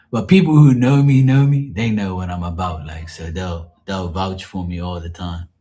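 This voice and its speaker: A man's voice: sits low, a little slow, long pauses, darkish tone. A man chatting casually to his livestream viewers, rambling and swearing freely in a joking way. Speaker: livestream host.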